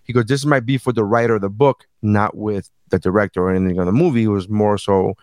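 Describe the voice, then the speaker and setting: A man's voice: lowish voice, steady tone, fast talker, darkish tone, dry recording. A man co-hosting a podcast, telling stories loosely with fillers and frequent swearing, recorded close and dry. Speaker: podcast co-host. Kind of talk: casual podcast chat.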